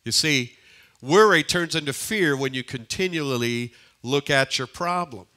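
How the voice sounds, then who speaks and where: An older man preaching a sermon as pastor, swinging between emphatic lines and hushed near-whispers and repeating key phrases. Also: a little high, measured pace. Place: church sanctuary.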